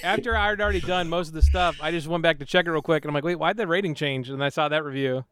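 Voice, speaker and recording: A man's voice: fairly high pitch, fairly even intonation, rapid-fire, fairly bright tone, a little hiss or hum. A man hosting a casual podcast chat, reading reviews and laughing often. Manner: laughs often, chatty, many fillers. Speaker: podcast host.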